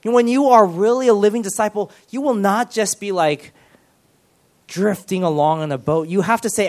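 A man's voice: high-pitched, expressive, a little fast. A man giving a sermon, speaking earnestly and with animation, often restarting his phrases. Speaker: preacher.

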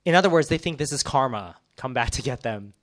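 A man teaching a bible passage casually, retelling it in an animated way with many acted quotes and fillers. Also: mid-range voice, fairly quick.

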